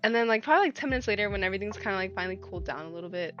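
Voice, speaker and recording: A woman's voice: medium pitch, animated, racing. A young woman livestreaming, chatting casually and telling a story with many fillers and restarts. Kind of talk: casual chat. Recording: dull lo-fi stream audio with faint music.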